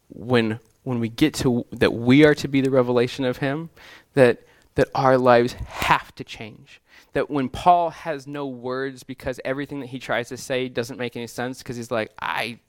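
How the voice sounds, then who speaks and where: A man's voice: mid-range voice, no room sound, clean studio sound. A man preaching a sermon in an earnest way, often restarting phrases and building to emphatic lists. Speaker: pastor.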